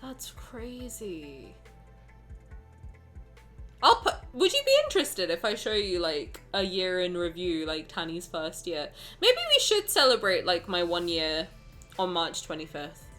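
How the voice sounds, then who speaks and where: A young woman streaming live, chatting casually with her viewers in an excitable, exclamatory way, swearing now and then and sounding close to tears. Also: on the low side, moderate pace. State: emotional, near tears. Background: faint music.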